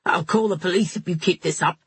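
A woman voicing a brusque, gruff male hairdresser in a storybook reading. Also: fairly low pitch, brisk, no room sound. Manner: brusque, threatening. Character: gruff red-faced middle-aged male hairdresser.

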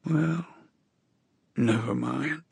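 Guy putting on a high hoarse old lady, dying, wheezy, slow and breathy, dry booth. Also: darkish tone, no echo, exaggerated voice. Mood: weary, rueful. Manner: faltering, halting speech. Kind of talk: audiobook character voice.

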